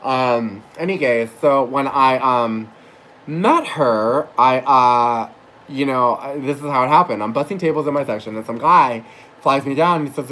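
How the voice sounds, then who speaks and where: Male vlogger, gushing and rambling, swears freely, mid-pitched voice, faint noise behind. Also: expressive, brisk, a bit bright, poor audio. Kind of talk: casual storytelling vlog.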